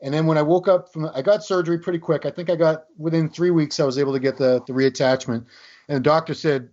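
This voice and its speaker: A man from New England talks as a podcast guest, wry and self-deprecating. His voice sits a little high for a man. The audio sounds slightly dull. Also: steady tone, quick pace, a little mellow. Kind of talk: casual chat.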